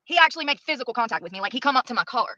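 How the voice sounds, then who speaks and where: Fast, bright, complaining woman in a car. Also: a little high, lively intonation, dry recording. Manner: aggrieved, complaining. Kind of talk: vlog monologue. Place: car in a gas station parking lot. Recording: dull lo-fi clip audio.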